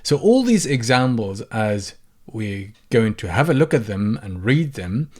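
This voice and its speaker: A man's voice: on the low side, very animated, unhurried, a little mellow. A man teaching a language lesson, patiently saying each example phrase several times before explaining it. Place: lives in the UK.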